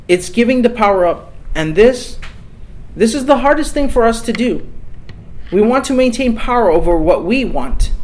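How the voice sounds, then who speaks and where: A man's voice: high voice, rough recording. A man preaching a sermon in an earnest, emphatic way, repeating key phrases for weight.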